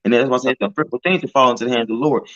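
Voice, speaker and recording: A man's voice: medium pitch, racing, a bit bright, muffled recording. A man telling testimonies in casual slang, tagging his lines with "man" and "you know", with some profanity. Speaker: street preacher in group discussion.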